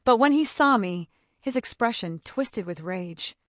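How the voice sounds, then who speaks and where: A woman telling a dramatic first-person family story in a measured way. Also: a little high, lively intonation, a bit bright, no room sound, studio quality.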